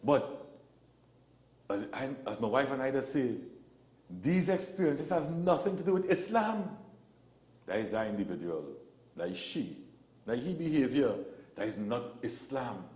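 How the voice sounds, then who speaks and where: Animated man, roomy sound. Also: medium pitch, measured pace, pauses often. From Trinidad and Tobago. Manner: animated storyteller, acts out quotes. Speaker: guest. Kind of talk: casual talk show conversation.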